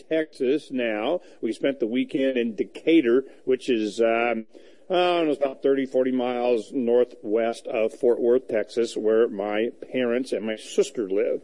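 An American radio talk show host broadcasts while traveling on the road, telling rambling stories packed with fillers and restarts. His mid-range voice is warm and moves at a normal speed in this casual monologue.

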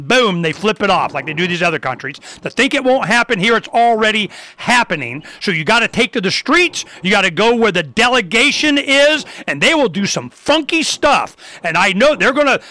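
A man hosting a talk show, delivering a rambling, fired-up rant with sudden loud, emphatic bursts. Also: very high-pitched. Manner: loose and rambling, with restarts. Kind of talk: ranting talk show monologue.

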